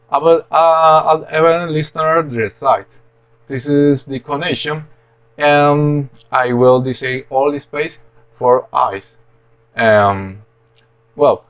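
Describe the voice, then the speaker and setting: Slow, halting man explaining code. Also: mid-range voice. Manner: halting, hesitant delivery full of fillers and restarts. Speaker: programming tutorial host. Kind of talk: screen-recorded coding walkthrough.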